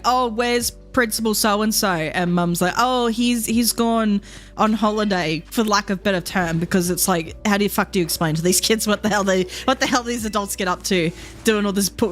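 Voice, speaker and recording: A woman's voice: medium pitch, a bit bright. Rambly, sweary streamer woman. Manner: rambling storyteller, swears freely, laughs often. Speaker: VTuber streamer. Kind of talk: casual chat.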